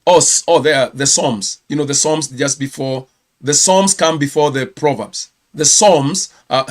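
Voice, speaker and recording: Kenyan guy doing a casual church news roundup, kinda high voice, chatty, fixes his own slips. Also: unhurried. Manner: chatty, self-correcting, chuckles at himself. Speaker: ministry host.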